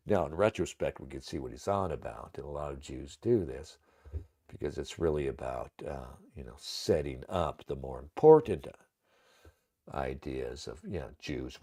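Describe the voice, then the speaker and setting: A man's voice: very deep voice, lively intonation, moderate pace, gravelly, warm tone, breathy edge. A man hosting a livestream, talking in a rambling, casual way, with many fillers and much cursing. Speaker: livestream host.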